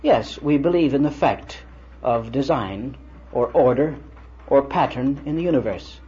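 A man's voice: mid-range voice, animated, unhurried, warm tone, breathy edge. Older man preaching on a dull old tape. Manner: storytelling, conversational, quotes others in dialogue. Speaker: preacher lecturing. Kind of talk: lecture-style sermon with anecdotes. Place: lecture hall with students. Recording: dull lo-fi vintage recording with faint hiss.

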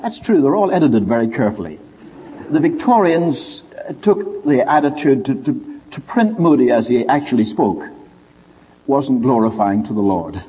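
A man preaching a sermon, telling a story with lively swings in his voice. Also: mid-range voice, breathy edge. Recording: dull lo-fi recording with long hall reverb.

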